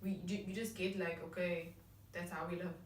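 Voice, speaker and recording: A woman's voice: fairly low pitch, flat delivery, moderate pace, a little hiss or hum. A woman from Cape Town in her thirties with a Cape Town accent, co-hosting a music vlog in a chatty, reflective way with many restarts. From Cape Town, South Africa. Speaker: vlog co-host. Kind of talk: casual discussion. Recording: echoey room, mic at a distance.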